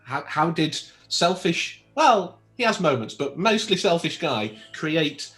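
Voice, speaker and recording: A man, chatting about a film in a rambling, animated way with many restarts. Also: fairly high pitch, slow pace, faint music behind. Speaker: podcast co-host. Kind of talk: casual film discussion.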